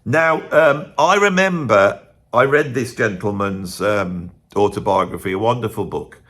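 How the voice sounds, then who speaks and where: A man's voice: on the low side, unhurried, a bit bright. A man hosting his own channel, giving a rambling, chatty opinion monologue full of tag questions. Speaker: host.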